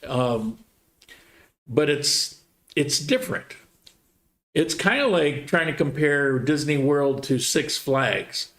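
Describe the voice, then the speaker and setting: Relaxed man hosting a live Q&A. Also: fairly high pitch, slow, pauses often. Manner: relaxed, rambling, reads viewer comments aloud. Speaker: livestream host answering viewer questions. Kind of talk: casual live Q&A chat.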